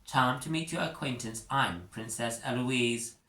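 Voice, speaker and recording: A man's voice: medium pitch, unhurried, sharp tone. A man putting on a haughty young princess. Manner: condescending, prim. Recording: echoey room.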